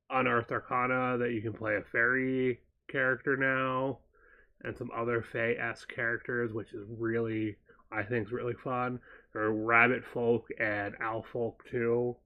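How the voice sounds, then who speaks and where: A man co-hosting a casual chat show, wandering through his thoughts and pausing to recall details. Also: mid-range voice, narrow, tinny audio. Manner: meandering, stops to recall details mid-sentence.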